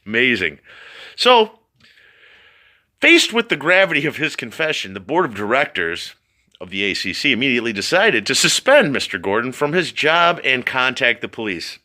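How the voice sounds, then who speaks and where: A man reads a story aloud on his vlog and keeps wandering off into laughing commentary. His voice is sharp and forceful. His pitch jumps around a lot. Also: sing-song, fairly quick. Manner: keeps breaking into laughter, rambling asides. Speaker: vlogger reading out a news story.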